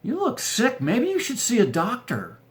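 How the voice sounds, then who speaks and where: A man's voice: extremely high pitch, wildly swooping pitch, moderate pace, voice pushed up, exaggerated voice. A man voicing a questioning wife who checks up on her husband with pointed questions. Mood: prying.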